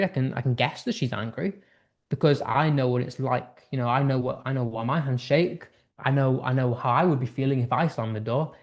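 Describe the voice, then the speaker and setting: A man's voice: mid-range voice, gravelly, darkish tone. A young British man teaching an English writing lesson in a chatty way, full of fillers and acted-out example lines. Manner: conversational, many fillers and restarts, acts out example tones. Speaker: English tutor.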